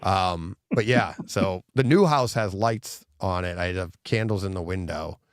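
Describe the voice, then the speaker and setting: A man's voice: low-pitched, measured pace, clear, resonant tone, no room sound, studio quality. A middle-aged man co-hosting a podcast in casual chat, telling stories with lots of laughter and acted-out quotes. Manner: animated storyteller, laughs often, acts out quotes. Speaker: podcast co-host.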